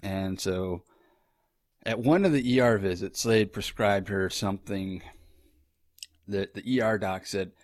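A man's voice: lowish voice, measured pace, pauses often, no echo, clean studio sound. Rambling, profane man telling his story. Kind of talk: casual storytelling.

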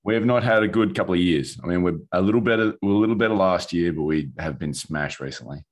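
A man with an Australian accent and a very low voice talks in an easy, laid-back manner as a podcast co-host. He chats casually and stops to explain things for overseas listeners. His delivery stays relaxed and unhurried. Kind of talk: casual chat.

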